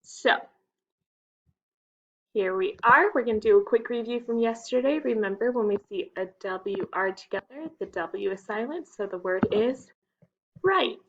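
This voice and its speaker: A woman's voice: mid-range voice, moderate pace, highs cut off, a little hiss or hum. A woman teaching young children a phonics lesson, patient and stretching out the key words.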